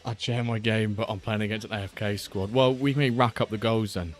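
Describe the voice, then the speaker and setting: Hosting a live watchalong, a streamer chats in a relaxed, rambling manner, talking to viewers and reading their messages out loud. His voice is on the low side and fairly quick, with faint, quiet guitar music in the background.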